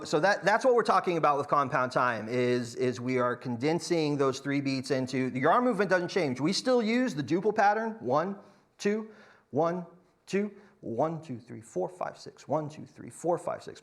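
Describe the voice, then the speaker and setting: A man teaching a church song leading class, counting beats aloud with frequent restarts. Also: a little high. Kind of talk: church music class lecture.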